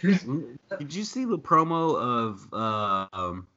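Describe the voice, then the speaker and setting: A man co-hosting a wrestling chat over a video call, talking casually with lots of swearing and getting louder and higher when he is worked up. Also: slow pace. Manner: profane, animated, rises sharply when worked up. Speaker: wrestling podcast co-host. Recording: dull lo-fi video call audio.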